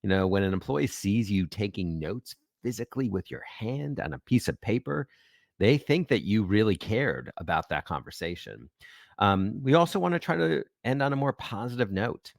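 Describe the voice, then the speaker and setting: A man with a fairly low voice speaks as an expert guest in a podcast interview. He explains at a measured pace, often pausing with ums. The sound is dry and close. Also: lively intonation, gravelly, no room sound.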